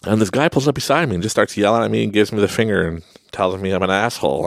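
A man's voice: deep voice, animated, very fast, vocal fry, no room sound, studio quality. A man hosting a podcast, telling rambling stories in a casual monologue, full of fillers and frequent laughs. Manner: rambling storytelling with many fillers. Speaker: podcast host.

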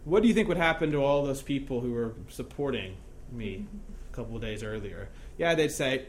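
A man's voice: mid-range voice, animated, brisk, a little hiss or hum. Joking, chatty male preacher. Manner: joking, conversational, checks in with "right?". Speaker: pastor. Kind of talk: sermon.

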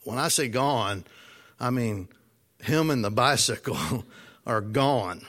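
A man preaching a sermon, telling a personal story in a folksy, animated way and asking the congregation questions. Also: medium pitch, slow pace. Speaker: pastor.

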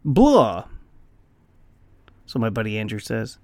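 A man casually telling a story on his vlog. He swears freely and breaks into squeaky bird noises. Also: lively intonation, normal speed, no echo, studio quality. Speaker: vlogger.

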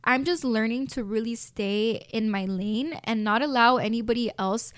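A young woman with a Mexican American accent, slightly high-pitched, talks straight to her listeners in a heartfelt, reflective monologue. She sounds choked up with emotion, and the sound is dry and close with no room echo. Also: normal speed. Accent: Mexican American English with Spanish mixed in. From United States. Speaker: podcast host.

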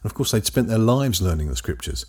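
A man teaching a Bible lesson, reading scripture aloud emphatically with dramatic pauses. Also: on the low side, very animated, darkish tone.

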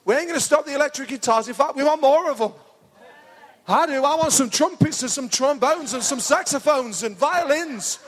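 A middle-aged pastor preaching an enthusiastic, pumped-up sermon in a church hall. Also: male voice, very high voice, animated, normal speed, fairly bright tone.

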